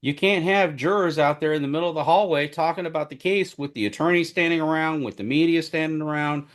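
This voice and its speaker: A man co-hosting a casual podcast chat, telling animated stories about covering a trial, his voice getting loud and booming when he gets excited. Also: fast talker. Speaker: podcast co-host who covered a trial as media.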